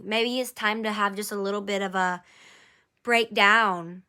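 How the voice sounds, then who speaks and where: A woman's voice: medium pitch, steady tone, unhurried, bright, forceful tone, clear, resonant tone. Woman, live card reading, encouraging tone, repeats herself, mid-range voice. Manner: encouraging, repeats phrases, addresses viewer by name. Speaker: angel card reader.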